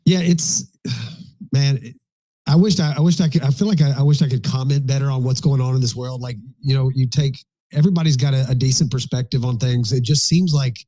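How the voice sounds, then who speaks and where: A man in his fifties hosting a casual live audio chat, rambling and animated. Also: mid-range voice, fairly quick. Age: 50s. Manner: rambling, animated, frequent profanity. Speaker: host.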